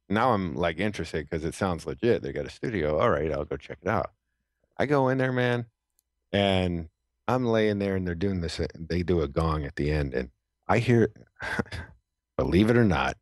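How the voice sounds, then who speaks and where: A middle-aged man with a very low, deep voice tells his story earnestly. He talks reflectively and often restarts his sentences. The sound is dry and close. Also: expressive, moderate pace, dry recording. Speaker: podcast guest, retired Navy SEAL. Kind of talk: conversational storytelling.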